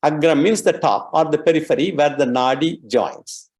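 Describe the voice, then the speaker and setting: Male scripture teacher, fairly high voice, slow and measured explanations. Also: a little mellow. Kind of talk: religious lecture.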